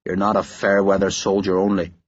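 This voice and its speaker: A man voicing a big, stubborn soldier with an Ulster accent who talks slowly and carefully. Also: low-pitched, monotone, highs cut off, a little hiss or hum, pitched below the performer's own voice, close to an everyday voice. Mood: probing. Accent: Northern Irish. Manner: slow, careful, gruff. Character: big tough Irish soldier, stubborn, blunt.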